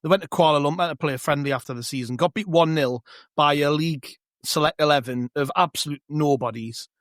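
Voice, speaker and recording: A man's voice: a little high, a little fast, fairly bright tone, no room sound, clean studio sound. A man with a North East English accent, co-hosting a football podcast, chatty and questioning as he tells a story. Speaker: podcast co-host. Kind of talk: casual football chat.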